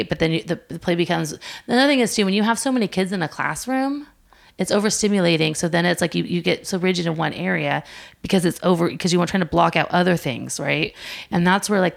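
A middle-aged woman, a preschool director and interview guest, who tells lively stories, laughs often and acts out what the children say. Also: fairly low pitch, brisk, gravelly. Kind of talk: conversational interview.

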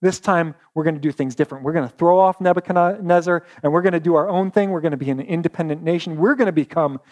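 A man's voice: a little high, quick pace, darkish tone, close to an everyday voice. A man voicing an overconfident king who boasts in a brash, cocky way. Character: overconfident young king bent on war.

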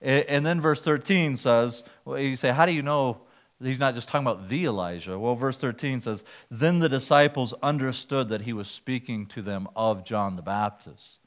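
A male pastor delivers a sermon, working through scripture in an earnest, explanatory way. His voice sits at a middle pitch, and he sometimes repeats a word as he gathers his thought. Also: moderate pace. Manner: earnest teaching, with repeated words and restarts.

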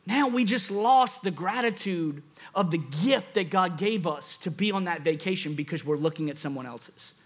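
A man preaching a sermon, animated, acting out quoted thoughts and laughing at himself. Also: sits high, moderate pace. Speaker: pastor.

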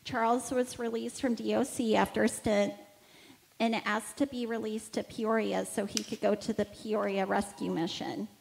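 A woman who works in homeless outreach, telling stories about the people she serves in a candid, warm way. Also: medium pitch, steady tone, moderate pace, creaky, a little hiss or hum, low-quality recording. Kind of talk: storytelling talk.

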